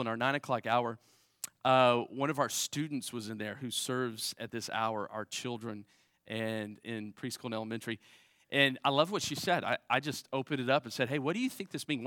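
A man preaching a sermon, conversational and direct, often tossing "right?" to the congregation. His voice sits in an ordinary middle pitch and swings from raised emphasis down to quiet asides. The sound is dry, with little room echo. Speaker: pastor.

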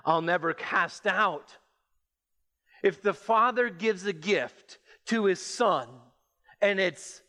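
Slow, emphatic male preacher. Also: pushed and bright. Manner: measured, emphatic preaching that rises in pitch as it builds. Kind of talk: sermon.

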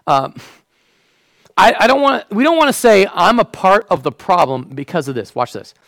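A man preaching a sermon as a pastor. He acts out the quotes and drops to a hush when he wants a point to land. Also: sits high, very animated, moderate pace, creaky, dry recording, low-quality recording.

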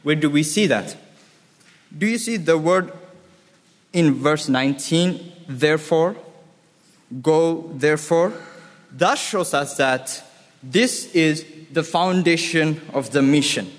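A man preaching a sermon, emphatic and deliberate, repeating key words for effect. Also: fairly high pitch. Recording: reverberant hall.

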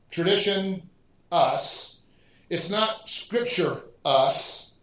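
A man, a pastor, giving a teaching sermon and thinking aloud with restarts and animated emphasis. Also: a little high. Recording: roomy echo.

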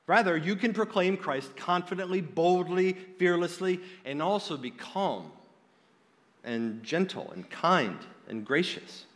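Guy preaching, earnest and direct, slightly high voice, long echo around him. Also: animated, measured pace. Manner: earnest, direct, with frequent restarts. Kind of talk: sermon.

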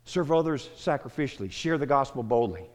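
A middle-aged Southern American pastor gives a conversational, sermon-style teaching to a small group, repeating words and calling on listeners by name. His medium-pitched voice is expressive and fairly quick, with long hall reverb.

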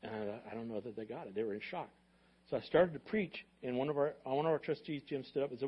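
A man pastor preaching a sermon as a lively story, acting out the dialogue and building to loud bursts. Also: medium pitch, fast, husky, muffled recording. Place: church sanctuary.

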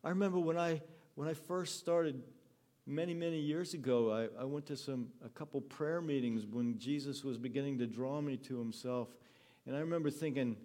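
A male pastor preaching in a church hall, pitched squarely in the middle range for a man. He talks earnestly and in storyteller fashion, easing into a soft, tender tone as he speaks. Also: moderate pace. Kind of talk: sermon.

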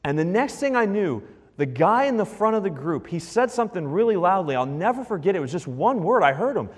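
A man's voice: high-pitched, sing-song, fairly quick, breathy edge, heavily acted. A man voicing a rattled male herdsman who tells a wild story in a folksy, breathless way, with a long hall reverb.

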